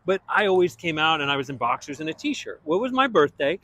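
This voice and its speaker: An animated man chats as a guest, his voice sitting a bit high and swinging widely as he acts out the people in his story. The sound is dry and close, with no room around it. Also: quick pace, no echo. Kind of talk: casual anecdote chat.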